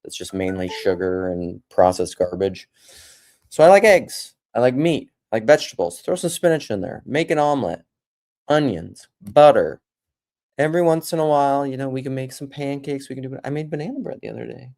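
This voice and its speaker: A man's voice: mid-range voice, animated, a little fast, creaky, a little mellow. A man talking casually from home on a live stream, rambling and joking between serious points. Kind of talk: casual livestream monologue.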